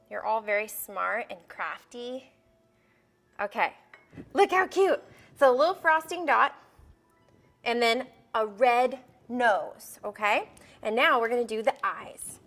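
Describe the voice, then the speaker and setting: In a fairly high, fairly bright voice, a young host of a kids' baking show runs a live cooking demonstration. She addresses the children at home directly, bubbly and encouraging.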